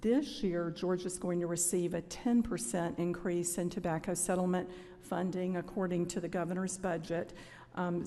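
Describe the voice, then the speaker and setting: Measured middle-aged woman testifying, reverberant room. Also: on the low side, mellow. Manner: measured, polite, with frequent "um" pauses. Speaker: cancer network representative testifying to lawmakers. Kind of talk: formal budget testimony. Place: legislative hearing room. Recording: hearing room with long reverb.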